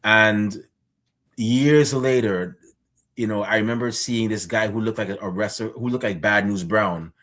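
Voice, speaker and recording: A man's voice: on the low side, a little slow, fairly bright tone. A man from Guyana hosting a casual interview who tells a personal story in a conversational way. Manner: conversational, retells stories with acted-out quotes. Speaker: interview host. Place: streamed remote interview.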